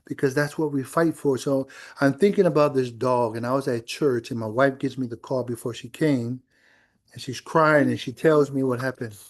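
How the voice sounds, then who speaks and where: A man's voice: medium pitch, moderate pace. A middle-aged male pastor preaching a sermon in a church, telling a personal story in a conversational way with quoted dialogue.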